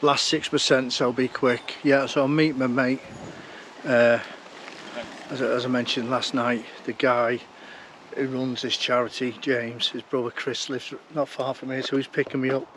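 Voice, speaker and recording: A man's voice: mid-range voice, little pitch movement, moderate pace, background noise. A tired man, chatting casually to an action camera outdoors as he walks. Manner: chatty, rambling, blunt. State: tired from walking. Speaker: hiking vlogger. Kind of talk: casual talk to camera while walking. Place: outdoors on a walking route. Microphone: action camera held while walking.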